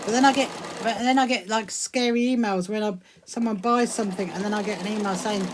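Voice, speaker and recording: A woman chats away on a live stream from her sewing room, her voice sitting in a mid register. She rambles from one thought to the next and keeps breaking into excited bursts. A clear hum of room noise and sewing machine sits behind her, picked up by a phone. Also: mid-range voice, brisk. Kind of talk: casual live-stream chat answering viewer comments.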